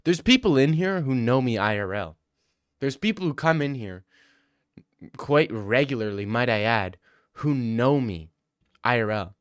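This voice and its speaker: A young man in his twenties live-streaming, reading viewers' chat aloud and teasing right back. His voice sounds smooth and clean, sitting at an ordinary middle pitch, and the sound is dry and close. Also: dry recording. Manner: joking, teasing, bantering with chat. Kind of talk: casual livestream chat.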